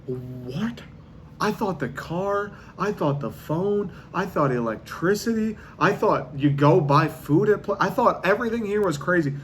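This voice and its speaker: A man's voice: high voice, lively intonation, a little slow, a bit bright, slight background noise, voice pushed up. A man putting on a bewildered Benjamin Franklin, incredulous and asking the same questions over and over.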